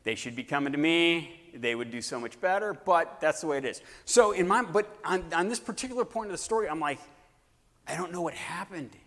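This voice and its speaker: Animated male preacher in a reverberant hall. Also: fairly high pitch, brisk, few pauses. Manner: animated, acts out scenes, swings between shouting and hushed tones. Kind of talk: sermon storytelling.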